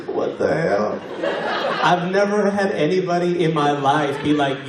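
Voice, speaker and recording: A man's voice: fairly high pitch, expressive, slow pace, pauses often, very noisy. A young man doing stand-up comedy crowd work, laughing and joking with the audience on a stage mic. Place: large venue with live audience. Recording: echoey venue recorded from a distance, crowd laughter.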